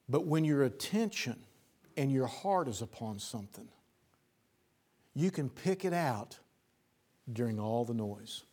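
His preaching is simple and folksy: he hammers points by saying words again, and his volume rises into loud bursts before dropping to soft, low phrasing.

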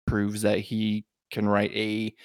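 Smooth low-voiced podcast guest. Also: male voice, monotone, slow, no room sound, studio quality. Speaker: podcast co-host. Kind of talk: casual gaming podcast chat.

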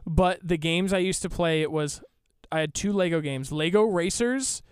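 A man's voice: fairly high pitch, moderate pace, smooth, dry recording, clean studio sound. A young man as a guest in a casual chat, talking in a hesitant, rambling way and swearing casually.

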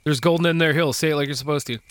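A man on a podcast throwing teasing remarks and quick reactions. His voice is a bit high and bright, with an edge of tension. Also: fairly even intonation, clear, resonant tone. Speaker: podcast co-host. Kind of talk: casual profane banter.

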